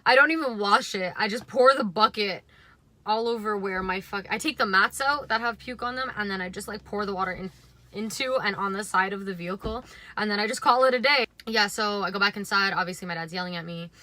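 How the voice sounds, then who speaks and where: A woman's voice: mid-range voice, fairly quick, pushed and bright. A young woman telling a storytime on her vlog, rambling and swearing, with lots of "like" fillers. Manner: rambling, swearing, heavy use of "like". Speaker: vlogger. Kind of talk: casual storytime.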